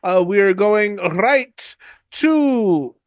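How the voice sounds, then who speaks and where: A man co-hosting a podcast, recapping a book chapter in a jokey, animated way and slipping into quick voices for the characters. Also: sits high, smooth, no echo, clean studio sound. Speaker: podcast co-host.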